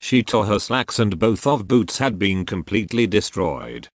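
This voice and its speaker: A man narrating a storybook in a steady read-aloud delivery. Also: lowish voice, moderate pace, no echo, clean studio sound.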